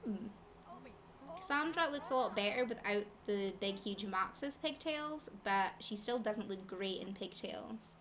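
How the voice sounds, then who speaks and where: A woman's voice: medium pitch, animated, unhurried, a bit bright, slight background noise. Chatty woman narrating her game. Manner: chatty, talks to her game characters, laughs often. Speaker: gaming channel host. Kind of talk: casual gameplay commentary.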